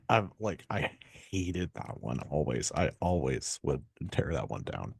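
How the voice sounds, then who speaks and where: Low husky dude hosting a podcast, jokey and chill, cusses casually. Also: male voice, very animated, unhurried, hardly any pauses, no echo. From Southern California. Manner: joking, laid-back, swears casually. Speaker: podcast host.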